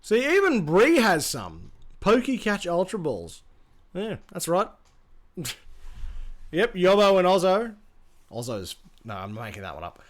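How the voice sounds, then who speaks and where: A man's voice: a little high, huge pitch swings, measured pace. An Australian man chatting casually on a live gaming stream, rambling, swearing freely and reading chat aloud.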